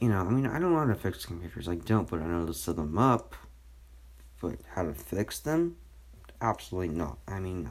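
Low-voiced rambling, cursing young man. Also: gravelly, a little mellow, slightly rough. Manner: rambling, profane, full of fillers. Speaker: podcast host. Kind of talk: casual solo rant. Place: at home.

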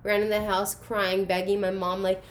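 A young woman recounts her school days in a relaxed, conversational way. She gets animated and acts out the voices of the people in her story. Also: mid-range voice, normal speed, slight background noise. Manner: animated, acts out quoted voices, laughs through emotional moments. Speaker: guest sharing her story. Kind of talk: casual personal storytelling.

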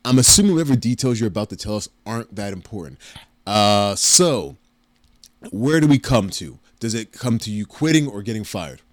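A man's voice: lowish voice, lively intonation, moderate pace, no echo. A man co-hosting a podcast, blunt and dry as he teases his friend. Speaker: podcast co-host. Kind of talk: casual podcast chat.

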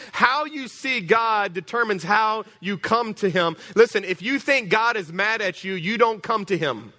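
A man preaching a storytelling sermon, animated, stumbling over repeated words and calling out to the congregation. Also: sits high, a little slow, hardly any pauses. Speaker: pastor.

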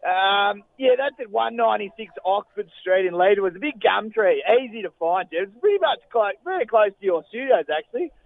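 A man's voice: high voice, animated, brisk, vocal fry, hardly any pauses, dry recording. A man playing a laid-back Australian holidaymaker with an Australian accent who rambles and trails off, calling in. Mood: rambling. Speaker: caller. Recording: tinny phone line.

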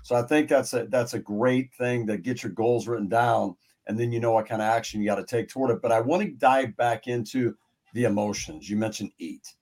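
Man, podcast host at a medium pitch; earnest interviewer who thinks aloud. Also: a little fast, darkish tone.

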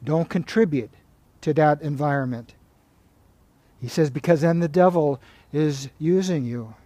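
A man, a monk, giving a spiritual talk in a calm, measured way, retelling stories and reading passages aloud. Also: fairly high pitch, dry recording.

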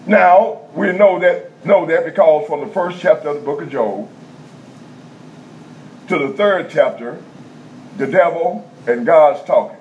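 A man preaching a teaching sermon in a conversational style, checking in with the congregation and repeating key points slowly in vernacular speech. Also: on the high side. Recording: dull lo-fi sound with faint background noise.

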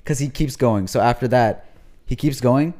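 A young man recounting a story in casual chat, animated and quick to jump in. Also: medium pitch. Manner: animated, jumps in to finish stories.

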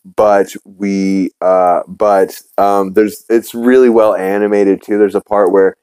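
A man's voice: lowish voice, flat delivery, slow, mellow, clean tone, no echo. A man hosting a podcast, casually recapping a cartoon episode with lots of ums and uhs. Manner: rambling, many fillers. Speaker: podcast host.

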